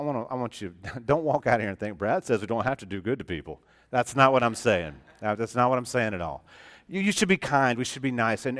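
A man preaching a sermon as a church pastor, emphatic and swinging from loud to hushed. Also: medium pitch. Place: church sanctuary.

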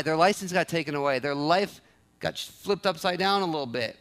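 High-voiced animated preacher man. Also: vocal fry. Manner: animated, acts out quoted prayers, repeats key phrases. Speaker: pastor. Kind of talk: sermon. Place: church sanctuary.

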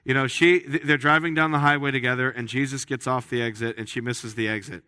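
A man's voice: medium pitch, fairly even intonation, fast talker, pushed and bright, clear, resonant tone, no echo. A man preaching a sermon in a church, talking in a conversational, joking way and often restarting his phrases. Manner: conversational, with frequent restarts and jokes. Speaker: pastor. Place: church sanctuary.

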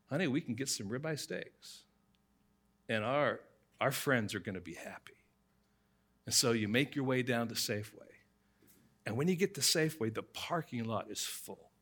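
Bright-voiced male pastor telling a story. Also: fairly high pitch. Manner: tells everyday stories to illustrate scripture; addresses the congregation directly. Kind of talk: sermon.

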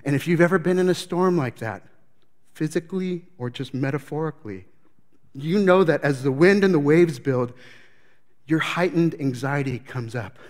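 A man's voice: on the high side, normal speed, darkish tone. A man preaching a sermon as pastor, telling the story with animation and acting out scenes.

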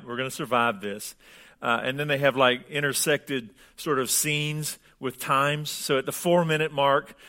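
A man's voice: mid-range voice, fairly bright tone. A man pastor giving a sermon, reading scripture and praying, then telling stories in a conversational, humorous way.

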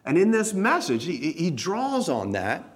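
Male pastor, sermon, slow deliberate delivery, slightly higher voice, emphatic. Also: wildly swooping pitch, slightly rough. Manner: emphatic preaching, building to loud repeated stresses; addresses congregation directly, asks rhetorical questions.

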